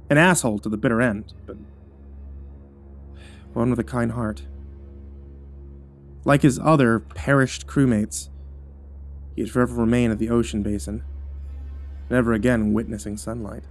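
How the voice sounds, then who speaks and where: A man narrating a scripted horror story in a measured, somber way. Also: medium pitch, steady tone. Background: faint music.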